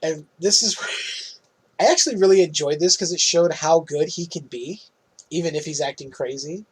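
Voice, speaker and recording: A man hosting a podcast, casually recapping a film's plot in an animated way and laughing often. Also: fairly high pitch, breathy edge, low-quality recording. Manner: animated retelling, quick laughs. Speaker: podcast host.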